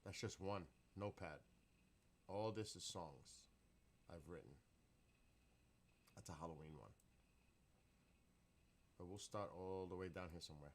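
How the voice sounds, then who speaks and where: A man's voice: deep voice, a little slow, long pauses, slight background noise. A man chatting casually on a live stream, rambling, swearing freely and bursting into laughs. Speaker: livestreamer.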